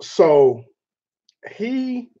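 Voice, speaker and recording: A man hosting a casual chat show, telling a story in an animated way with laughter and mild cursing. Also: sits high, very slow. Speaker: show host. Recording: dull lo-fi sound.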